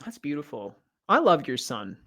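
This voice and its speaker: A man's voice: on the high side, huge pitch swings, normal speed, bright, forceful tone. Teasing male podcast co-host. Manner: playful, teasing, laughs often. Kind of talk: casual live podcast chat.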